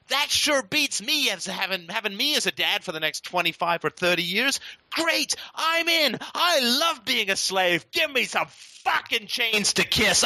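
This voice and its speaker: A man putting on the voice of a gullible, eager young male soldier volunteer, in a giddy, mocking falsetto-like tone. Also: creaky, sharp tone, no echo, exaggerated voice. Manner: mocking, squealing, giddy sarcasm.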